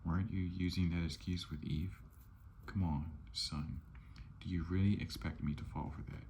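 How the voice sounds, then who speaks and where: A man's voice: sits low, fairly even intonation, normal speed, creaky, darkish tone, a little hiss or hum. Man reading as a wry teasing mother.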